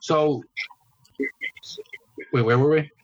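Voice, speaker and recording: A man's voice: on the high side, fairly even intonation, slow. A man co-hosting a casual podcast, easygoing and a little hesitant. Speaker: podcast co-host. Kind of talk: casual chat. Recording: dull lo-fi mic.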